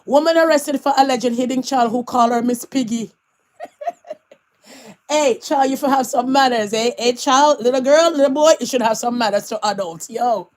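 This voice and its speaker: A woman dishes celebrity gossip on her vlog. Her voice sits a little high, and she talks with a sassy edge, laughing often between remarks. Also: normal speed, a little mellow. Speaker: vlogger.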